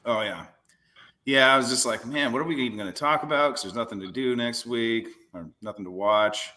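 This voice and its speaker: A man's voice: mid-range voice, fairly quick, bright, forceful tone. A man co-hosting a casual sports podcast, laid-back and jokey, over a video call. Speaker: podcast co-host.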